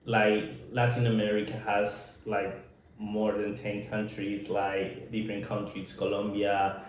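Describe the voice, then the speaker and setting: Nicaraguan-accented man, low voice, earnest chat, very echoey room. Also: monotone, slight background noise. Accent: Nicaraguan Spanish. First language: Spanish. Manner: earnest, laughs often, halting in his second language. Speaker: podcast co-host. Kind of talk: casual chat.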